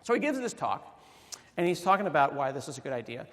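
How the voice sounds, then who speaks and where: A man's voice: fairly high pitch, fast. A man giving a humorous conference talk, telling a story and acting out the voices of the people in it. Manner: animated storytelling with quoted voices. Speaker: conference speaker. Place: large conference hall. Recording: reverberant hall.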